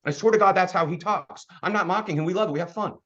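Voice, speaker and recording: A man in his fifties giving an energetic motivational business presentation as a sales trainer, firing off rhetorical questions. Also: high voice, fast, muffled recording. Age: 50s.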